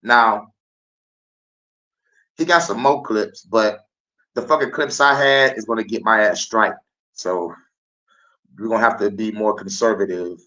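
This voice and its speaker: Bright-voiced man ranting casually with laughs. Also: lowish voice, steady tone, a little slow, long pauses, muffled recording. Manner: loose, profane, laughs often. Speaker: podcast host. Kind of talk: casual commentary over played clips.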